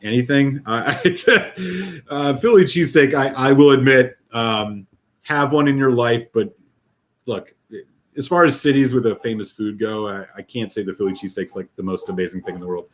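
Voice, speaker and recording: A man talking in a relaxed, easygoing way as a guest on a casual chat, laughing often and using lots of fillers. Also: medium pitch, moderate pace. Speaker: guest whisky reviewer.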